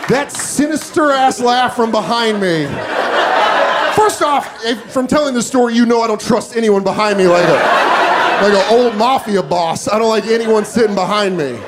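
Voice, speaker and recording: A male stand-up comedian telling a story in an animated, self-mocking way and acting out the scenes, over heavy background noise. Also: high-pitched, normal speed.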